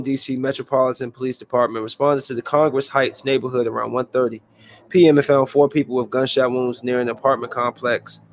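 A man commenting casually on news headlines, reading them aloud and then rambling and venting about them in a loose, conversational way. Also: mid-range voice. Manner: rambling, loose, stops to react and vent; reads headlines aloud in a flatter tone. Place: room with a window.

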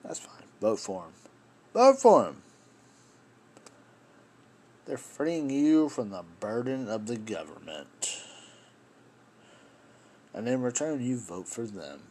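Husky, animated man ranting on a podcast. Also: on the low side, a little slow, pauses often. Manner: impassioned, rambling, swears, addresses listeners as folks. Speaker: podcast host. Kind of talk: solo political podcast rant.

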